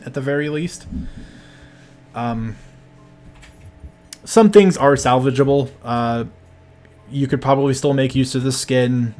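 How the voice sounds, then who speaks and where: A man as game master narrating a tabletop role-play game in a measured, hesitant way with many fillers. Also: mid-range voice.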